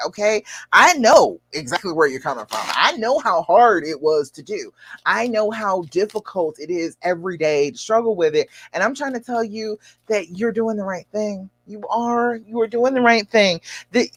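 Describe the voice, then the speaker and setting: A woman hosting a live stream as a love coach, reading out viewer comments and giving encouraging advice with lively jumps in pitch and frequent laughs. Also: normal speed. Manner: animated and encouraging, with big leaps up in pitch; laughs often while talking.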